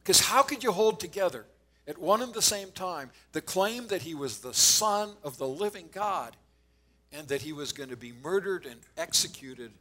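A man's voice: fairly high pitch, bright, forceful tone, poor audio. A man preaching a sermon in an earnest teaching manner, quoting scripture with occasional stammered restarts.

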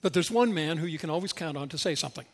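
High-voiced male preacher in an echoey hall. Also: very fast. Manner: expressive storytelling, emphatic. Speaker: pastor. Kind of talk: sermon.

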